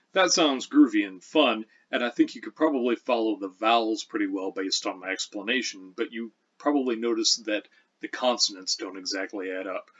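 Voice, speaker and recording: A man teaching a lesson, explaining pronunciation patiently and reading old verse aloud slowly. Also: on the low side, fairly bright tone, breathy edge, muffled recording. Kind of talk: lecture with recitation.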